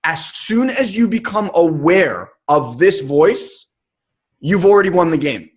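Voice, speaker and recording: Emphatic, high-voiced male life coach. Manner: emphatic, casual, occasional swearing. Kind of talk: live webinar coaching talk.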